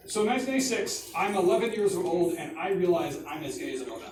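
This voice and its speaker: A man's voice: high-pitched, lively intonation, quick pace, a little mellow. Man in 40s doing rambling stand-up. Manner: rambling, conversational, self-mocking. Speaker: comedian. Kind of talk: stand-up comedy. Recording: echoey distant mic, background noise.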